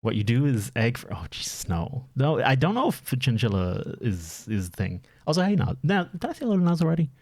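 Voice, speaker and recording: A man's voice: medium pitch, big pitch swings, fairly quick, hardly any pauses, darkish tone, husky, dry recording, studio quality. A young Irish man streaming, chatting casually and rambling with a self-mocking laugh. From Ireland. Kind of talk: casual stream chat reacting to videos.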